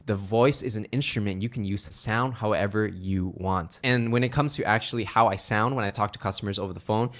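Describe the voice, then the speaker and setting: A man's voice: on the low side, a little fast, few pauses, a bit bright. A man teaching phone sales technique in an upbeat, conversational way, often checking in with "right?". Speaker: sales trainer. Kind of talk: instructional talk to camera.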